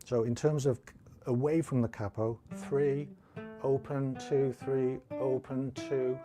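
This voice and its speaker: During a casual guitar lesson streamed live, a Teesside-accented man from northeast England talks things through aloud and is self-deprecating. He has a medium pitch with little pitch movement and keeps a measured pace.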